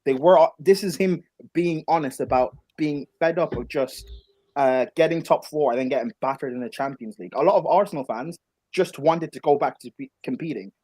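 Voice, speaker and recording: A man's voice: fairly high pitch, fairly quick, warm tone, breathy edge. A man in a casual football debate, insistently explaining his point. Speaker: football podcast co-host.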